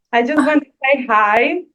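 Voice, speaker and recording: A woman's voice: high voice, slow pace, a bit bright, rough recording. A woman from Venezuela, a law student in the audience, thanking the speaker emotionally with nervous laughs.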